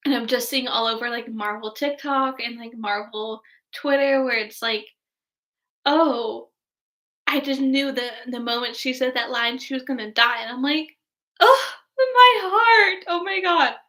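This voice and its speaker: A young woman vlogger chatting casually about a movie, gushing and excitable, filling her talk with "like". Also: a little high, moderate pace. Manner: gushing, heavy use of "like", excitable fangirl tone. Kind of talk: casual movie review chat.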